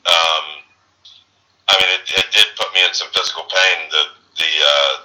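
A man guesting on a podcast over a video call, talking in a halting, chatty way with many restarts. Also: deep voice, steady tone, bright, forceful tone, poor audio. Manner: halting, repeats words, laughs often. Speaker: actor guest. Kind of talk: casual interview chat.

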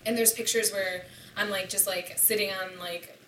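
A young woman, a podcast guest, shares a painful personal story with candor and emotion, peppering her speech with "like." Her voice sits at a medium pitch and is steady but sharp, at a normal speed. The recording sounds roomy and far from the mic, with slight background noise.

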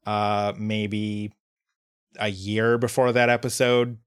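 A man's voice: on the low side, level tone, takes it slowly, clean tone. A man co-hosting a podcast in casual chat, talking in a reflective, rambling way with lots of filler words. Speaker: podcast co-host.

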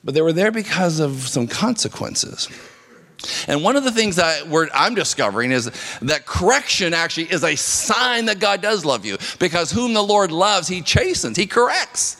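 A man's voice: high voice, sing-song, moderate pace, bright, forceful tone. A man preaching a sermon as pastor, earnest and conversational, often repeating words as he goes. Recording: long reverb of a hall.

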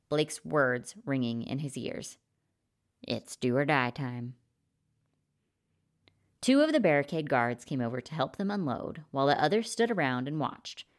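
Woman reading a short story, low voice, steady and even. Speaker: reader. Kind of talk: scripted story narration.

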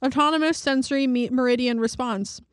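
Woman cohost rambling in casual chat, higher voice, dead dry sound. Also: a little fast, dry recording. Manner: rambling, chatty, with slang. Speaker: podcast co-host.

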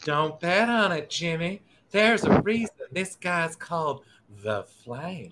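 A man voicing a sharp, quick-witted female reporter who teases in a dry way during a casual table read. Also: a little high, lively intonation, heavy background noise. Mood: teasing.

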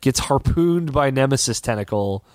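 A man in casual podcast chat, animated, swearing freely and laughing often. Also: medium pitch, moderate pace, dry recording, studio quality. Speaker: co-host.

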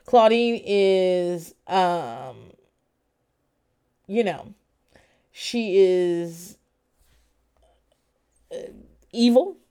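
Chatty, smooth-voiced woman podcaster. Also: fairly low pitch, expressive, very slow, pauses often, mellow. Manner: chatty, profane, laughing asides. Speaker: podcast host. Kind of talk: casual true-crime commentary.

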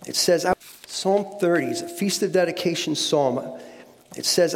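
A man's voice: fairly high pitch, a little slow. A man giving a conversational sermon as a guest speaker, often repeating words and checking in with the audience. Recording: long hall reverb.

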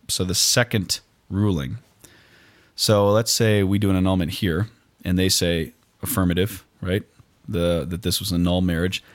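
A man co-hosting a casual conversation, explaining things in a measured way and checking that the listener follows. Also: deep voice, dry recording.

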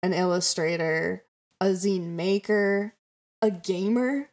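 A woman's voice: medium pitch, takes it slowly, darkish tone. A woman hosting a casual podcast chat, enthusiastic and rambling, with lots of fillers and casual swearing. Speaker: podcast host.

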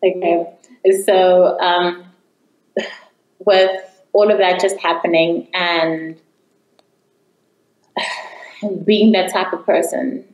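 A young woman earnestly telling her personal faith testimony as an interview guest. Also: fairly low pitch. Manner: earnest, reflective storytelling. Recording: echoey room.

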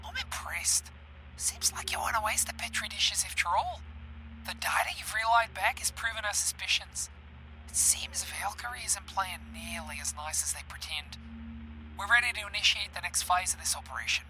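A cold, scheming boss gives clipped, condescending orders, as a man puts him on. The voice comes through as a played-back audio message, with a steady wash of noise sitting under it. The tone is neither high nor low, just flat authority. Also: moderate pace, low-quality recording.

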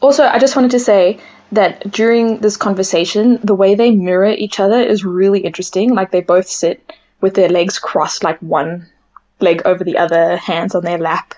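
Woman giggling through casual podcast chat, mid-pitch, kinda muffled lo-fi audio. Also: moderate pace. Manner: relaxed, thoughtful, giggly. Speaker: podcast co-host. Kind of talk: casual chat recapping a TV episode.

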